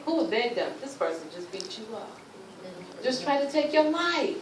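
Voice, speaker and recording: A woman's voice: on the high side, normal speed. Woman telling her testimony in a roomy hall. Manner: animated storytelling, acting out quoted speech; informal vernacular speech. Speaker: speaker sharing a personal testimony. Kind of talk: emotional personal testimony. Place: luncheon event room. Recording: roomy, distant mic, faint ambience.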